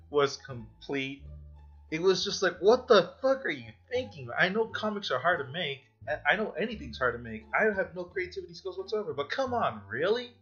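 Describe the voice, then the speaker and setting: A young man rambles through a casual review, blunt and quick to swear when something annoys him. The recording is dull and lo-fi, with faint music underneath. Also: medium pitch, a bit bright. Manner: rambling, blunt and profane, with exasperated outbursts. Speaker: online reviewer.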